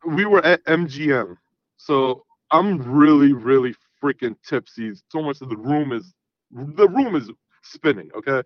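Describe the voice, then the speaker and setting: A man's voice: on the high side, animated, unhurried, no echo, dull audio. A man in his thirties calling in, telling a long story casually and rambling with fillers. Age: 30s. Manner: rambling, repeats fillers like "you know what I mean". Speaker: caller. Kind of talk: casual storytelling on a call-in show.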